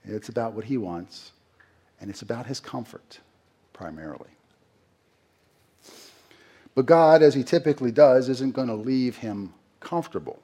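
A middle-aged male pastor delivers a sermon with a slightly husky voice. He talks to his listeners in a conversational way, asks them rhetorical questions and acts out quotes. His voice sits at an ordinary pitch for a man. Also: animated, moderate pace, pauses often, warm tone.

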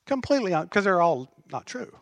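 A man's voice: sits high, very animated, brisk, no echo. A man preaching a sermon as pastor, passionate and emphatic.

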